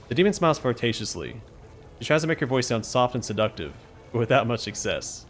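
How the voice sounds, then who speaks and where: A man's voice: medium pitch, very animated, fairly quick, faint music behind. A man hosting a let's play, reading the game's narration aloud and adding casual asides. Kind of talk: reading game text and commenting while playing.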